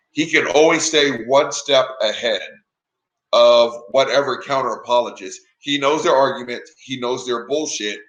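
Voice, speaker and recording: Guest, forthright man, bright edgy tone, room echo around him. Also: mid-range voice, dull audio. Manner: forthright, blunt, emphatic. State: clearing throat from allergies. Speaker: interview guest. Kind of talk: casual interview chat. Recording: echoey room.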